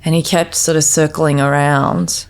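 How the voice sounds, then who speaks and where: A woman podcast guest telling her personal story in a halting way, often restarting her sentences. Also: low-pitched, level tone, clean tone.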